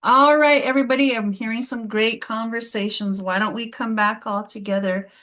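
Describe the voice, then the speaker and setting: A fairly high-voiced woman runs a group workshop on parenting. She calls on volunteers and praises their answers in an encouraging, upbeat way. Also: fairly even intonation, moderate pace, bright, forceful tone. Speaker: parenting class facilitator.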